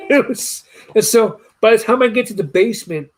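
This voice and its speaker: A young adult man hosts a casual podcast chat, his voice sitting high at a normal speed. He tells stories and animatedly mimics other people's voices.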